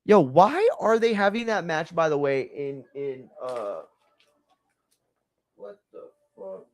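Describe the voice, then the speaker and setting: A man's voice: fairly high pitch, animated, takes it slowly, no echo. A young man casually reacting to wrestling in a slangy, profane, blunt way.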